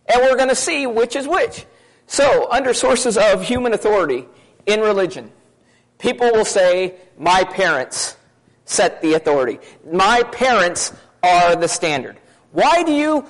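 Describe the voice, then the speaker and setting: High-voiced man preaching fast. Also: poor audio. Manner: fast, questioning, conversational preaching. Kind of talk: sermon to a congregation.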